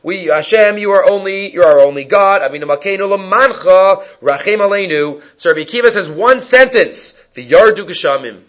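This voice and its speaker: A man's voice: high-pitched, animated, moderate pace, hardly any pauses, fairly bright tone. A man teaching a Talmud class, reading Aramaic lines and explaining them in English, asking and answering his own questions. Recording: dull lo-fi recording.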